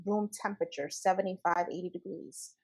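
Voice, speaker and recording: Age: adult. Sex: woman. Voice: lowish, earnest and emphatic. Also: steady tone, fairly quick, poor audio. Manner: earnest, emphatic, repeats key phrases. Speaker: interview guest. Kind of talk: casual spiritual conversation.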